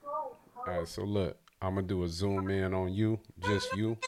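Hyping up his guest over a video call, a podcast host keeps the interview chat casual, loose and full of slang. His low voice swoops wildly in pitch, though his pace stays measured, and background noise can be heard.

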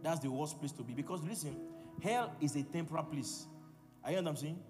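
Man, preacher, fairly high voice, long hall reverb, music behind. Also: fast talker. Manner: forceful, repetitive call-and-response preaching. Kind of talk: sermon.

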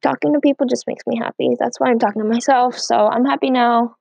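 A woman's voice: on the high side, fairly even intonation, fast, vocal fry, a little mellow, dry recording, low-quality recording. A teenage girl hosting a casual solo podcast from home, rambling and filling every gap with "like". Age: teens. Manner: rambling, heavy use of "like". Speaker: podcast host.

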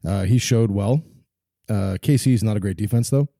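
A man's voice: fairly low pitch, normal speed, creaky, mellow, dry recording, studio quality. A man from Canada co-hosting a fantasy football podcast, giving blunt, joking opinions. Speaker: podcast co-host. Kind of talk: casual sports chat.

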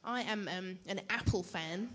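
A woman's voice: medium pitch, a little slow, a bit bright, slight background noise. A young woman preaching to a church gathering in a chatty, self-deprecating way, often asking the audience questions. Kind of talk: conference teaching talk.

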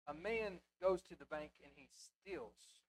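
A man preaching in a church before a live congregation. He drops to near-whispers, then surges loudly on key words, and keeps asking the congregation rhetorical questions. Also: on the high side, lively intonation, unhurried. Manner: impassioned, swinging from hushed asides to loud emphasis. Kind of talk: sermon.

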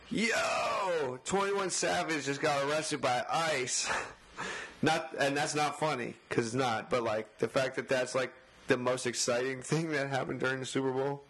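A man's voice: medium pitch, fairly bright tone, rough recording. A man co-hosting a casual podcast chat who rambles, leans on lots of filler words, and chuckles often. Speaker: podcast co-host.

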